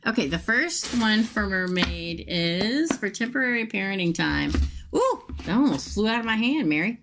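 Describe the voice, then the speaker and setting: A woman's voice: medium pitch, creaky, a bit bright, slight background noise. A woman tarot reader, chatting casually and folksily with viewers during a livestream reading.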